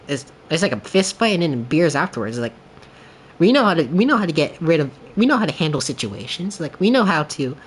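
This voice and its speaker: A man chatting off the cuff during a game stream. He rambles through loose, filler-packed thoughts and laughs between them. He slips into quick voices when he retells a clip. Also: on the high side, a little hiss or hum. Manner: animated storytelling with quoted voices. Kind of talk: casual livestream chat.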